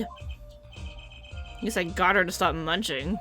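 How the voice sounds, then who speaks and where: A woman's voice: lowish voice, slow, long pauses, sharp tone, soft background music. A young woman streaming a game, chatting casually and animatedly, swearing now and then.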